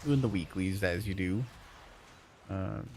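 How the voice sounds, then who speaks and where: A man's voice: deep voice, slow, a little mellow, a little hiss or hum. A man streaming a game, chatting casually with viewers in a laid-back, joking way and chuckling often. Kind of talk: casual chat while playing and reading chat.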